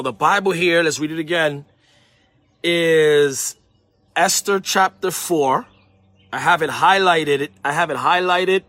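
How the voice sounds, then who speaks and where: High, bright-voiced preacher man. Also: dry recording. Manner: conversational preaching, animated, acts out phone calls. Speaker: pastor. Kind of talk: sermon.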